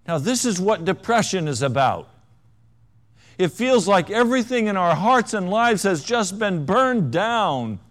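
A man preaching a sermon, with a wry, self-mocking humor and dramatic swings between hushed and loud delivery. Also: high-pitched, big pitch swings, measured pace. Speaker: pastor.

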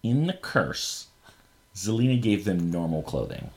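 A man co-hosting a podcast in casual chat, talking in an animated way with many fillers. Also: sits low, a little slow, noisy background. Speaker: podcast co-host.

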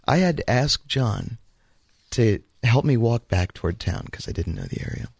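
A man with a gravelly voice tells a story on a talk radio show, his pitch rising and falling a lot as he acts out the people he quotes. The studio sound is dry and close. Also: animated, normal speed, no echo. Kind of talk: casual storytelling chat.

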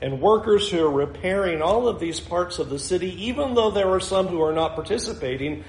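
Guy preaching a sermon, talks casual, does little voices for the people he's quoting, pretty high voice. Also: lively intonation, a little fast, reverberant, slight background noise, poor audio. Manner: conversational, mimics voices of people in the story. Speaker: pastor.

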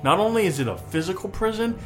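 A man's voice: sits high, lively intonation, fast, over music, pitched above the performer's own voice. A man playing an earnest male druid, a nature-loving dreamer who rambles grandly about escaping. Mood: grandiose.

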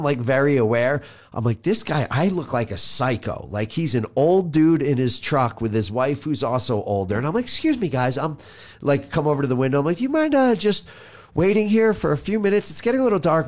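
A man telling a long story in casual chat, rambling and leaving sentences unfinished as he acts out his own thoughts. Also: a little high.

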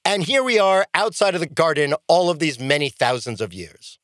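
Animated rabbi hosting a podcast. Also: male voice, fairly high pitch, moderate pace, dry recording, clean studio sound. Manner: animated, enthusiastic. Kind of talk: podcast conversation and storytelling.

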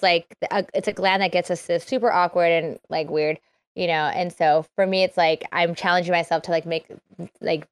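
A woman comedian, a guest on an online audio show, chatting casually, energetic and loud, swearing freely. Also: fairly low pitch, smooth, no echo. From Filipino heritage. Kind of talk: casual chat. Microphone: phone.

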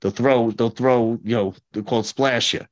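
A man's voice: medium pitch, normal speed. A man who works as a corrections officer, telling stories casually in an interview, acting out the dialogue and repeating points for emphasis. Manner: animated, acts out dialogue, repeats himself for emphasis. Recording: slightly dull lo-fi audio.

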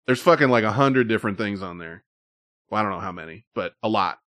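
A man's voice: on the low side, lively intonation, fast talker, fairly bright tone, dry recording, clean studio sound. A man hosting a casual live stream, talking in a loose, rambling, profane way. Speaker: host.

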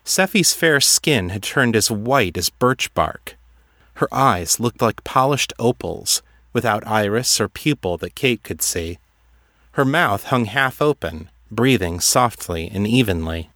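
A man narrates a fantasy serial in a measured, even storytelling voice. He reads slowly, with a somewhat low pitch. The recording is close and dry, with no room sound. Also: no room sound. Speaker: audiobook narrator. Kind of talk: scripted narration.

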